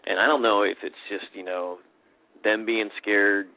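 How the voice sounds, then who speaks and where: A man's voice: fairly low pitch, steady tone, a little slow, sharp tone, low-quality recording. A man telling a personal story in a casual, rambling podcast chat, full of fillers and restarts. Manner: rambling, conversational, many fillers.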